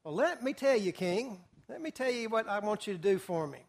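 A man's voice: sits high, lively intonation, a little fast. A man voicing a boastful, self-important royal adviser in a Bible retelling, eager and pushy. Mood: smug.

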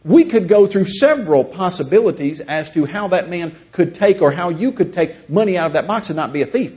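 A man's voice: high-pitched, lively intonation, a little fast, a little mellow. A man giving a conversational teaching lecture, asking his listeners rhetorical questions. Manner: asks the audience rhetorical questions. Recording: dull lo-fi recording.

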